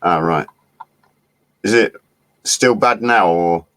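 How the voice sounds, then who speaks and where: A man's voice: low-pitched, takes it slowly, fairly bright tone, dry recording. A middle-aged man chatting loosely on a livestream, laughing often and swearing now and then as he reads the chat. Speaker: livestream host. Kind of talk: rambling live-stream chat.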